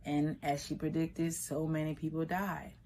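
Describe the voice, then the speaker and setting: Low-voiced woman telling a life story. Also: flat delivery, darkish tone, a little hiss or hum. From Liberia. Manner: unhurried, reflective, slips into quoted voices. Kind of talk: personal storytelling.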